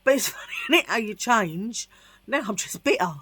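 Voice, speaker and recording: A woman's voice: fairly high pitch, sing-song, normal speed, sharp tone, husky, no room sound. A middle-aged woman from Tottenham with a London accent, telling a rambling personal story in casual vlog chat with lots of asides. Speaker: vlogger.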